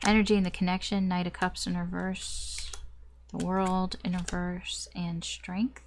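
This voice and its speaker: A woman's voice: on the low side, level tone, normal speed, slight background noise. A woman doing a casual tarot reading to camera, rambling with many fillers and restarts, and swearing now and then. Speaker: tarot reader.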